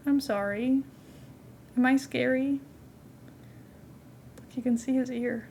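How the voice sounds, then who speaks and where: A young adult woman streaming a game from home, chatting in a rambling, casual way and cooing softly at her cat now and then. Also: high voice, slow, gravelly, pauses often, slight background noise. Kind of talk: casual live-stream chat while gaming.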